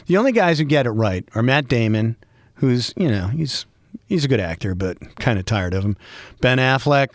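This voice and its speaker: A middle-aged man from Boston, with a Boston accent, hosts a freeform solo podcast. He rambles with self-mocking humor and breaks into mock yelling now and then. His voice sits at a middling pitch and sounds dry and close, with no room sound. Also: lively intonation, normal speed, dry recording. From Boston, USA. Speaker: podcast host.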